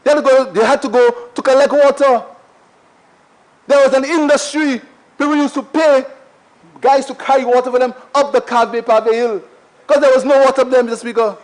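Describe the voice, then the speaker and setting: A man's voice: very high-pitched, fairly even intonation, a little fast, low-quality recording. A Saint Lucian man, a member of parliament, giving an emphatic, repetitive debate speech in a parliament chamber while he keeps addressing the Speaker.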